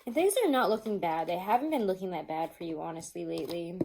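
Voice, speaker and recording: A woman's voice: fairly low pitch, quick pace, gravelly, darkish tone, a little hiss or hum, poor audio. A woman doing a casual tarot reading to camera, chatty and rambling, often breaking into laughter. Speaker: tarot reader.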